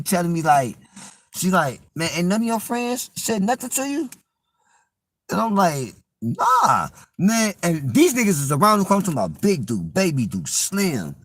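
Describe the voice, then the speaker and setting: A man's voice: on the high side, fairly bright tone, no room sound. A young man telling a personal story in casual slang, acting out the voices of the people he quotes.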